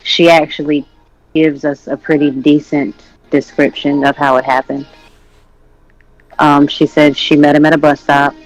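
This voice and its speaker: A man's voice: fairly high pitch, level tone, measured pace, soft background music, low-quality recording. A man in a casual podcast chat, retelling a story in a loose, slangy way.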